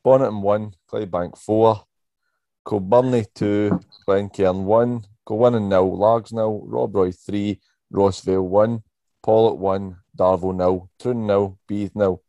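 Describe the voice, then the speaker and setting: A man's voice: fairly low pitch, mellow, no room sound. A hungover Scottish man hosting a casual sports podcast from his bedroom, bantering and swearing. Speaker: podcast host. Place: bedroom at home. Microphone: podcast microphone.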